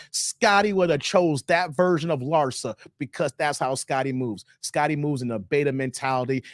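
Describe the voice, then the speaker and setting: A man delivering blunt, preachy live-stream commentary. His voice sits somewhat high for a man. The recording is close and dry, and he drives each point home over and over. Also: a bit bright, dry recording. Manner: blunt, preachy, repeats himself. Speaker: YouTube commentary host.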